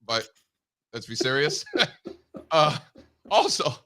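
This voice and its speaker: Bright-voiced man hosting a chatty market show. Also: a little high, sing-song. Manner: ribbing, quick back-and-forth. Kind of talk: casual chat.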